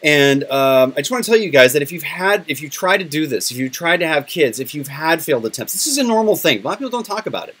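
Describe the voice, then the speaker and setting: A man's voice: a little high, very animated, fast talker, few pauses, fairly bright tone, breathy edge. A middle-aged man hosting a podcast in casual chat, candid and emotional, swearing freely. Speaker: podcast host.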